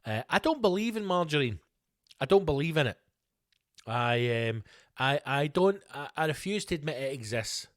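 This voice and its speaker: A man's voice: on the high side, big pitch swings, moderate pace, no echo, studio quality. A man with a Scottish accent, hosting a solo podcast, ranting with lots of swearing and comic put-on voices. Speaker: podcast host.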